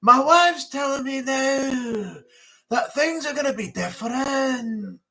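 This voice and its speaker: A woman putting on an older Scottish comedian, every word stretched and pushed out with heavy deliberation. The put-on Scottish accent sits a little above her usual pitch, and the pace is slow and weighty. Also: a bit bright, full character voice. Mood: slow, deliberate. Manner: words slowly drawn out and pushed. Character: elderly Scottish comedian, slow drawn-out speech.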